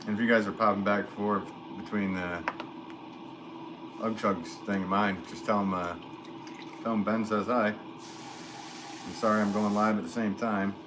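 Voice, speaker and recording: Deep-voiced laid-back male potter streaming. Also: unhurried, pauses often, noisy background. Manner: relaxed, rambling, chuckles often, many fillers. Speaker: potter hosting a livestream. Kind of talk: casual livestream chat, reading comments.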